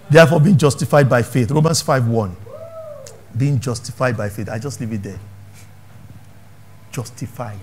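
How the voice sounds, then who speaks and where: A Nigerian man preaching a sermon as pastor, swinging from hushed asides to shouted questions and laughing often. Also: mid-range voice, measured pace, pauses often, breathy edge.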